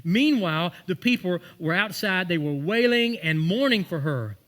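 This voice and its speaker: A man's voice: high voice, animated, normal speed, fairly bright tone. A man preaching a sermon in church, telling stories and acting out the voices of the people in them. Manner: storytelling, acting out quoted voices. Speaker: pastor. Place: church sanctuary.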